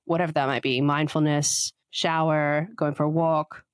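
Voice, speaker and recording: A woman's voice: low-pitched, flat delivery, moderate pace, few pauses, clean tone, no echo. A woman co-hosting a relationship podcast, explaining ideas in a chatty way and reading out short quotes. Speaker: podcast co-host. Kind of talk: casual podcast chat.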